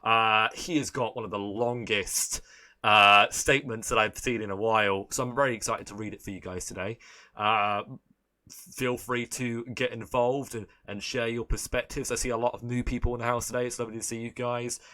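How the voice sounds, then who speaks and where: Male streamer, mid-pitched, loose and profane, rambles between jokes. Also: steady tone, normal speed, bright, forceful tone. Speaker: live-stream host. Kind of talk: casual live-stream commentary.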